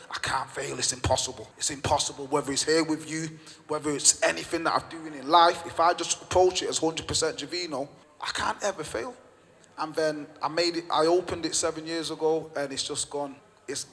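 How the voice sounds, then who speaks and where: A man's voice: on the high side, a bit bright. Passionate Mancunian man telling a story. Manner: passionate, emphatic, repeats phrases for effect. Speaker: gym owner, podcast guest. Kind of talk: storytelling in conversation. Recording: long reverb.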